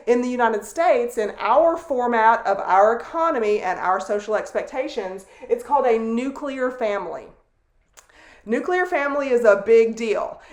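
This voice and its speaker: A middle-aged woman teaching a sociology lecture, explaining deliberately with asides and fillers. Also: on the high side. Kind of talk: recorded classroom lecture. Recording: roomy echo.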